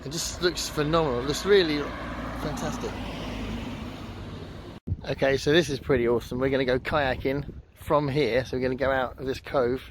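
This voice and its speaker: A man's voice: medium pitch, fairly even intonation, moderate pace. A man vlogging while out sightseeing, chatty and rambling with many fillers, talking to a handheld camera. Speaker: travel vlogger. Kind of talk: casual vlog narration to camera. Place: outdoors, sightseeing on foot and by water. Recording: outdoor noise behind voice.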